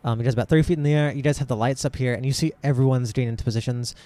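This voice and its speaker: A man's voice: medium pitch, fairly even intonation, rapid-fire, warm tone. A man narrating a tabletop game as game master, rambling with lots of fillers and restarts.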